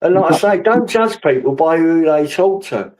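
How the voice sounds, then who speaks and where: Male host, calm advice-giver, slightly raised voice. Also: a little high, normal speed, poor audio. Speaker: streamer host. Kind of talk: casual live-stream chat.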